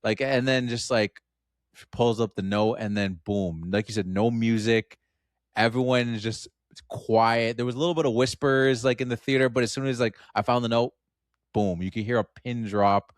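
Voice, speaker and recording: A man's voice: medium pitch, steady tone, moderate pace, no room sound, clean studio sound. A man co-hosting a podcast, talking about a film in a loose, chatty way, full of filler words. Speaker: podcast co-host. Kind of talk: casual film review chat.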